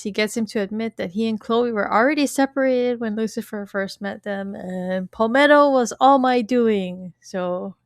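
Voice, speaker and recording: A woman's voice: medium pitch, no room sound, clean studio sound. A woman co-hosting a casual TV recap podcast, retelling scenes with frequent laughter and playful quoted lines. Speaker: podcast co-host.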